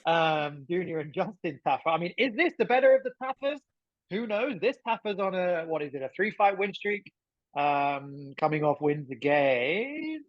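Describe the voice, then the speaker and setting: A man's voice: fairly high pitch, very animated, moderate pace, dry recording. A man co-hosting a podcast in casual chat, chatty and thinking aloud with plenty of fillers. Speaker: podcast co-host. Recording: dull lo-fi sound.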